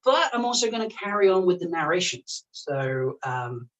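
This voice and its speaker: A chatty chef hosts a charity livestream from a home kitchen, laughing often and talking while cooking. The voice sits at a middling pitch and sounds set back from the microphone. The talk is casual and friendly. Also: sing-song, normal speed. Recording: voice picked up from a distance.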